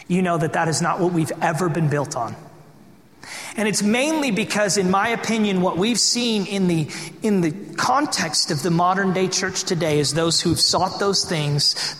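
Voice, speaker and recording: A man preaching a sermon with a high, ringing voice that bounces around a large echoing hall. He drives his points home with emphatic, impassioned phrasing and keeps asking the congregation questions. The long reverb trails behind every line. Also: fairly bright tone. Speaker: pastor.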